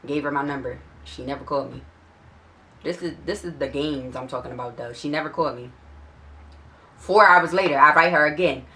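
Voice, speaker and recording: Young philly girl venting a storytime, lowish voice but real bright and sharp, cussing a lot. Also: fairly quick. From Philadelphia area. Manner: exasperated, profane, animated storytelling with many restarts. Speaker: vlogger telling a story. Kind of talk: casual storytime.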